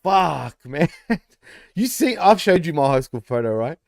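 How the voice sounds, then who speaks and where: A man's voice: a little high, very animated, unhurried, gravelly, darkish tone, no echo, clean studio sound. Laughing, swearing male podcast host. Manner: swears a lot, laughs often, teasing. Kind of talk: casual wrestling chat.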